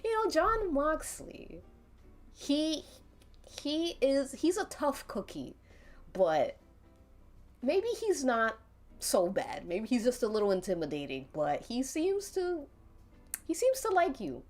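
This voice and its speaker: A woman's voice: high voice, very animated, slow pace, long pauses, darkish tone, faint music behind. A woman streamer narrating an interactive story in a casual, rambling way, laughing often between lines.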